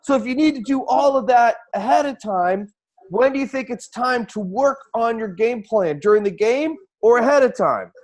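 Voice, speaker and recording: Excitable high-voiced male coach. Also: moderate pace. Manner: excitable, fires repeated rhetorical questions. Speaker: host and speaking coach. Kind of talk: energetic live-stream coaching talk.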